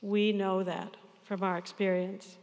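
A woman in her sixties, a pastor, giving an earnest, measured sermon to her congregation. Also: medium pitch, level tone, a little mellow, in a large hall. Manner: earnest, measured farewell address.

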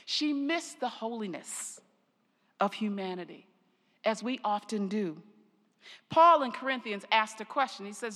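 An older woman pastor preaching a sermon, telling stories slowly and deliberately, her phrase endings trailing off softly. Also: on the high side, lively intonation. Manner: slow, deliberate storytelling with soft trailing endings. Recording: long reverb of a large hall.

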